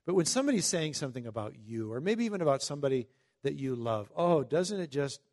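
A man preaching a Bible-teaching sermon in a conversational way, reading scripture slowly and breaking into emphatic asides. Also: fairly high pitch, animated, darkish tone. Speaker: pastor.

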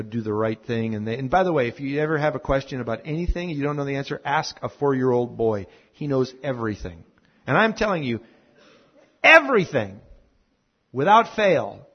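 Man, pastor, story-filled sermon, husky voice, dull lo-fi sound. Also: mid-range voice. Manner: animated storyteller who drops to a hushed tone.

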